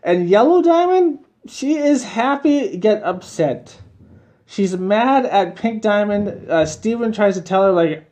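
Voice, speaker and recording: Rambling high-voiced guy reviewing a cartoon. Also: lively intonation, slow pace, darkish tone, lo-fi sound. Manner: rambling, repetitive, chuckles between points. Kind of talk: casual video review.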